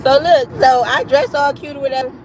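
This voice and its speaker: A woman's voice: high-pitched, fairly quick, a little hiss or hum, rough recording. A woman hosting a livestream, telling a casual, profane story and acting out the voices of the people in it. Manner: animated, profane, acts out quoted voices. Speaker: livestream host.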